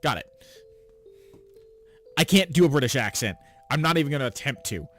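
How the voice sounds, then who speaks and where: A man's voice: medium pitch, fast, faint music behind. Chatty man reading a visual novel. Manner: chatty, self-deprecating, animated asides. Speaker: let's play host.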